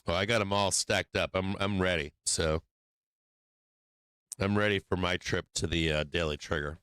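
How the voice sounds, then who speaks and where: A man's voice: sits low, steady tone, normal speed, bright, forceful tone, smooth, no room sound. A man hosting a live stock market stream, talking casually and rambling with lots of restarts while he works his charts. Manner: rambling, restarts often, drifts off mic while working screens; casual and profane. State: has the hiccups. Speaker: stock market livestream host.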